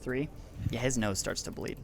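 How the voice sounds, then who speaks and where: Acting as game master for an online tabletop game, a man narrates in a relaxed way, often clearing his throat and using fillers. His voice is mid-range at a normal speed, with heavy background noise.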